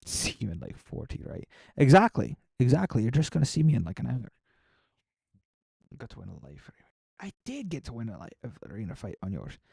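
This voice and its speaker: A young man talks casually to his live-stream audience, rambling and answering chat messages as they come in. His voice has a gravelly edge to it. The sound is dry and close, with no room echo. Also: medium pitch, wildly swooping pitch, fairly quick, warm tone. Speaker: gaming streamer.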